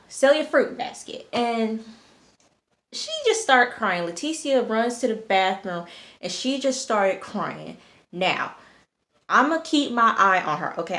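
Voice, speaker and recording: A young woman recapping a TV episode for her viewers in a chatty, animated way, full of fillers and blunt cursing. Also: mid-range voice. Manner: many fillers, outbursts of cursing. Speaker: TV episode reviewer. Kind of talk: casual episode recap to camera.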